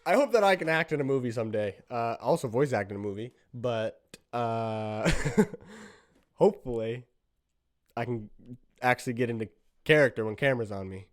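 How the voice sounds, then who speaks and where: A man's voice: medium pitch, lively intonation, normal speed. A man hosting a solo podcast, thinking aloud in a giggly, self-conscious way as he tries out voices. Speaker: podcast host.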